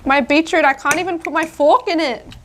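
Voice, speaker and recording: A woman's voice: high-pitched, brisk, fairly bright tone, a little hiss or hum. A woman vlogging outdoors over dinner, chatty and laughing easily in casual conversation. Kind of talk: casual chat while eating.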